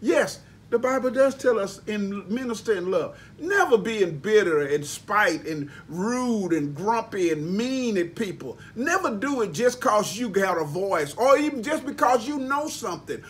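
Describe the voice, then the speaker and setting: A male pastor delivers an emphatic, folksy sermon. His voice sits high for a man, and he leans into words to drive each point home. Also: big pitch swings, measured pace, few pauses, a little hiss or hum. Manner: emphatic preaching with spelled-out words and folksy asides.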